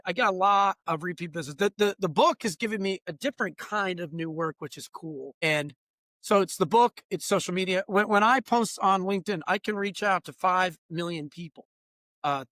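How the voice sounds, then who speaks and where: A man's voice: sits high, no room sound, clean studio sound. A man in his late fifties, a consultant talking animatedly and emphatically as an interview guest. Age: late 50s. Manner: animated and emphatic, acting out quoted exchanges. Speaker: guest, diversity trainer and consultant. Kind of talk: casual interview conversation.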